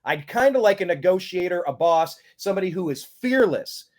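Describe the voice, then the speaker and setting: A man with a lively, swooping delivery and a slightly high voice co-hosts a political talk show. He rants emphatically and throws in sarcastic jabs. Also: brisk. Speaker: co-host. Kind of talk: political commentary chat.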